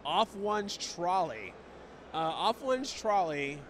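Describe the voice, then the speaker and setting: A man's voice: high-pitched, big pitch swings, slow, a little hiss or hum. An American man, a comedian guest, riffing playfully with laughs and silly voices in a casual outdoor interview. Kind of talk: playful improvised chat. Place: outdoors at a busy convention.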